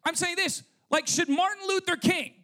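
A man's voice: extremely high pitch, normal speed, bright, forceful tone. A male pastor preaching a sermon, checking in with "okay?" and "right?" and firing off rhetorical questions. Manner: punctuates points with "okay?" and "right?"; asks rhetorical questions to the congregation. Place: church service.

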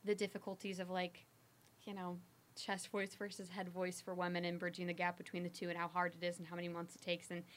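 A young woman and trained singer chatting as a guest, talking with vocal fry. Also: fairly low pitch, completely flat delivery, fast talker, a little hiss or hum. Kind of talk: casual chat.

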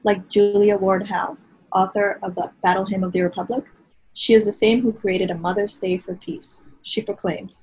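A woman's voice: medium pitch, steady tone, moderate pace, darkish tone, husky, low-quality recording. A woman giving a declamatory, challenging dramatic reading during a worship service.

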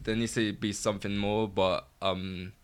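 A man reading his script aloud nervously, with many halting restarts, then chatting casually about it. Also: on the low side, flat delivery, clear, resonant tone.

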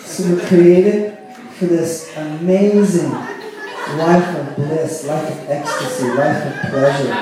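A man's voice: fairly high pitch, fairly even intonation, takes it slowly, warm tone. A man preaching a sermon with frequent laughter, acting out pleas and voices. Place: church sanctuary. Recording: echoey church hall with crowd.

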